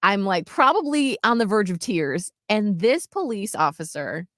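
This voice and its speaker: Animated woman telling a story. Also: mid-range voice, moderate pace, no room sound, clean studio sound. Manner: animated storytelling, acts out quotes. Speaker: radio show co-host. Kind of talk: casual chat.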